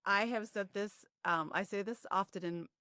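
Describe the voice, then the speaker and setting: A woman hosting a podcast, asking questions attentively with soft mm-hmms. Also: medium pitch, moderate pace, no room sound, studio quality. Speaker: podcast host. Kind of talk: interview questions.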